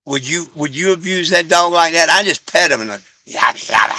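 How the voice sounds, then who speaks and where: Gravelly man chatting to his dogs. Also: no room sound. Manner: coos softly at his dogs in a lower voice. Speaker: vlogger talking to his dogs on a live stream. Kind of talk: casual live-stream chat. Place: home with dogs.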